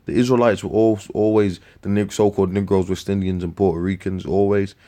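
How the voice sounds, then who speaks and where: A man preaching scripture in a profane, scornful rant, with slang, repeated words and sudden loud outbursts. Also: low-pitched, fairly even intonation, a little fast. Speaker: street preacher.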